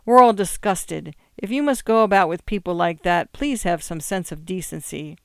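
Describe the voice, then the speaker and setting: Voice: medium pitch, normal speed, vocal fry, clean tone, dry recording, clean studio sound, lightly acted. A reader voicing a blunt, disapproving woman scolding her brother in a storybook. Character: stern, disapproving woman, the man's sister.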